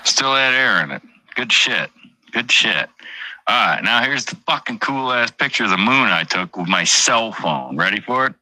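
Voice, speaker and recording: A man's voice: mid-range voice, lively intonation, normal speed, sharp tone, no room sound, poor audio. A truck driver chatting casually on a stream, rambling, swearing constantly and joking as he goes. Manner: profane, rambling, jokey. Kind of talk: casual livestream chat.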